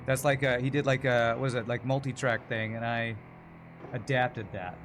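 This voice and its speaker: A man's voice: medium pitch, steady tone, normal speed, a bit bright, a little hiss or hum. Chatty male game streamer. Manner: chatty, rambling, reads chat aloud. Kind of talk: casual gameplay commentary.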